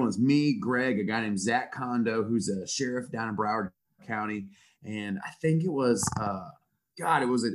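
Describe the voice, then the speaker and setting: A man in his thirties, a football coach on a podcast, telling stories in a profane, self-mocking, animated way. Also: medium pitch. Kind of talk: casual storytelling chat.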